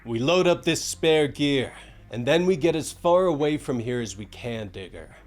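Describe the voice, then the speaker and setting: A man voicing a weary, blunt male crook who speaks quietly. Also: medium pitch, lively intonation, moderate pace, soft background music, close to an everyday voice. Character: gruff male crook, weary and matter-of-fact.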